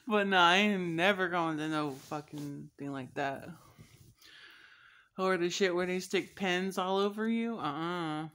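A woman's voice: lowish voice, measured pace, a bit bright. A young woman telling a story to her viewers in a casual vlog, cursing freely and laughing often. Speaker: vlogger.

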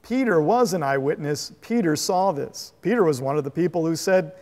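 A man preaching a sermon as a pastor, animated and conversational, chuckling at his own asides. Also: fairly high pitch, normal speed, big-room sound. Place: church sanctuary.

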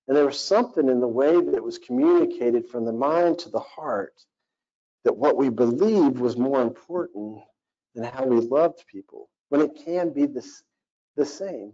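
A man's voice: medium pitch, warm tone. Earnest man preaching casually. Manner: earnest, rambling, with many fillers. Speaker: pastor. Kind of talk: conversational sermon. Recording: dull lo-fi recording.

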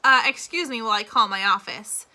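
A woman's voice: on the high side, a little fast, sharp tone. A woman reading a formal male attorney general. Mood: official. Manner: formal, official.

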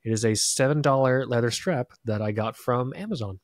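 A man co-hosts a podcast from home, recording quietly at night, in a casual chat where he rambles, puts himself down, and often trips over his words. His medium-pitched voice is brisk, with clean studio sound and no echo.

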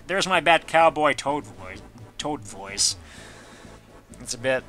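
A man's voice: medium pitch, takes it slowly, pushed and bright, soft background music. A man giving casual gameplay commentary, reading game text aloud and adding goofy asides. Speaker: let's player.

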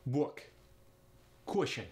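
A man putting on a heavy Russian accent, repeating words and phrases slowly and deliberately. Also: medium pitch, animated, lightly acted. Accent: put-on Russian accent. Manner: slow, deliberate, clipped repetition of words.

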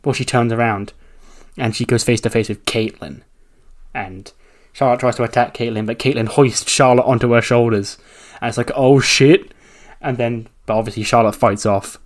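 A man gives loose, play-by-play narration of a wrestling game playthrough. He talks casually, chuckling often and throwing in the odd swear word. His voice sits at an ordinary middle pitch. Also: steady tone, moderate pace.

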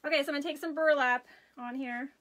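A chatty woman hosts a craft live stream, talking casually as she works and greeting viewers by name. Her voice sits high, with a bright, clear edge. She tells her stories in an animated, friendly way. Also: fast, poor audio. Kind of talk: casual chat while crafting.

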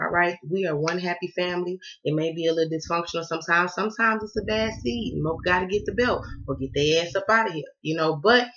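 A woman's voice: on the low side, fairly bright tone, lo-fi sound. A woman with a Southern American accent, a tarot reader chatting to her viewers, sassy and swearing freely with sing-song greetings. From Southern United States. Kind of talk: casual chatty vlog address.

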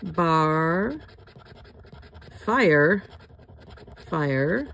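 Hoarse older woman, low-pitched, slow unhurried ticket-by-ticket chat. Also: animated, a bit bright. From Florida. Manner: slowly calls out ticket symbols one by one, chatty asides. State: hoarse, throat not cooperating. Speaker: scratch-off ticket vlogger. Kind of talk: casual running commentary.

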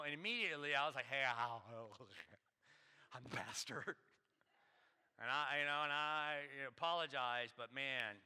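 Bright, pushed and clean, this man's fairly high voice carries a sermon through a church sanctuary's long reverb. As a pastor he speaks conversationally through stories, leaning on repeated phrases and rhetorical questions.

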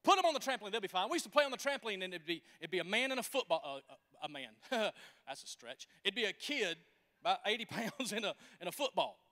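A pastor, preaching a sermon in an animated, folksy storytelling manner. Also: male voice, high voice, quick pace, in a large hall.

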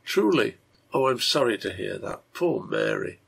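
A man voicing a caring, brisk woman in a read-aloud story. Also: medium pitch, huge pitch swings, vocal fry, a bit bright, slightly rough, full character voice. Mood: sympathetic.

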